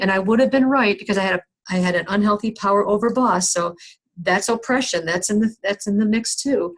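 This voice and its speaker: A middle-aged woman counselor telling a candid, self-deprecating personal story in a skills workshop, with many restarts and fillers. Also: medium pitch. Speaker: counselor teaching a skills session.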